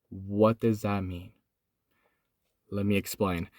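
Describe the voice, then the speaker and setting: A young man recording in his van, casually retelling a Bible story, swinging from excited to hushed and solemn. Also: on the low side, measured pace, long pauses, dry recording, studio quality. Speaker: host. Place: inside a van.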